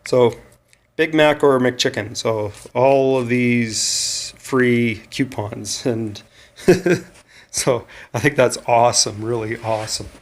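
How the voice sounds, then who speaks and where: Guy rambling about his day, tired, lots of ums and little laughs, mid pitch. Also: slow. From Canada. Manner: rambling, chuckling, many fillers and restarts. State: tired after a long day of running. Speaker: vlogger on a cross-country run. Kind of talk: casual spoken vlog diary.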